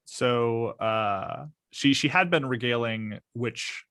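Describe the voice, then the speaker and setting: A man's voice: mid-range voice, slow, a bit bright, smooth, dry recording, clean studio sound. A man playing a tabletop game, thoughtfully describing his character's actions with frequent fillers. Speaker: player.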